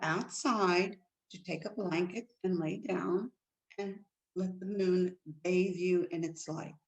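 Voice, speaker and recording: A woman co-hosting a casual chat show, telling stories in an animated way with big jumps in pitch. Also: takes it slowly, muffled recording. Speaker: co-host.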